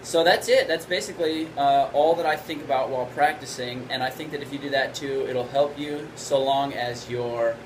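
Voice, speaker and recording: Casting note: male trumpet teacher, mid-pitched, easygoing explainer, steady air conditioning hum behind. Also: normal speed, hardly any pauses. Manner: relaxed explaining, frequent "right?" checks. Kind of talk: instructional video lesson.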